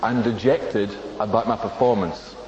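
A man preaching a sermon from a platform to an audience, emphatic, slowing down to stress single words. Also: lowish voice, fairly even intonation, a little mellow. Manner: acts out inner voices of listeners. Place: speaking from a platform before an audience. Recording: dull lo-fi recording with faint noise.

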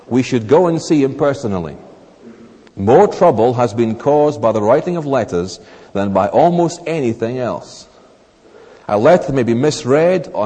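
A man preaching a sermon in a church hall, animated, acting out little scenes in raised voices. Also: mid-range voice. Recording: long reverb of a large hall.

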